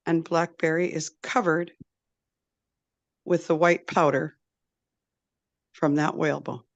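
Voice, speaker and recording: A woman storyteller telling a traditional tale in a slow, deliberate, repetitive way. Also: deep voice, little pitch movement, no echo, highs cut off. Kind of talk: oral storytelling.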